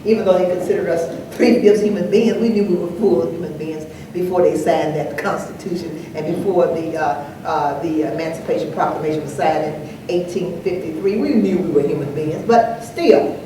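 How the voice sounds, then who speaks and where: A woman's voice: deep voice, normal speed, few pauses. Older woman telling stories in an echoey hall. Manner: animated storyteller, acts out dialogue. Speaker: panel speaker. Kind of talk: anecdotal panel talk. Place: large echoey hall, live event. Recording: echoey hall, distant mic, faint noise.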